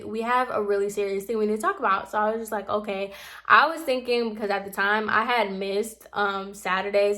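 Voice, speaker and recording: A young woman vlogger telling a storytime in a casual, animated, exasperated way, acting out what others said. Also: medium pitch. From Puerto Rican heritage.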